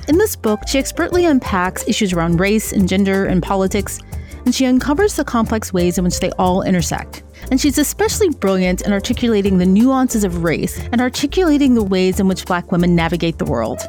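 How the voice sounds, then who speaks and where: A woman hosting her podcast, reading an intro and then chatting admiringly with her guest. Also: mid-range voice. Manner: admiring, warm laughs, conversational. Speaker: podcast host. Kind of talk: scripted intro then casual interview.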